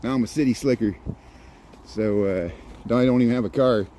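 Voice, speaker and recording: A man's voice: medium pitch, moderate pace, mellow. A middle-aged man from rural Indiana with a Midwestern accent, rambling casually as a live streamer on a walk through a snowy park. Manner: rambling, chatty, chuckles often. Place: outdoors in a snowy city park.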